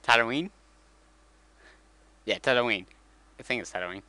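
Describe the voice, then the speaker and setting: A man's voice: medium pitch, a little slow, bright, forceful tone, no echo. Guy rambling through a movie plot from memory, jokey, keeps correcting himself. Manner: rambling, self-correcting, joking. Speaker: vlogger. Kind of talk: casual comic movie retelling.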